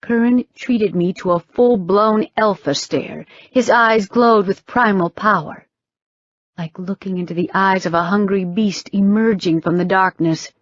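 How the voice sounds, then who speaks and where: A woman narrating a first-person fiction audiobook with wry, brisk storytelling. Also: mid-range voice, dry recording. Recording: slightly dull, dry recording.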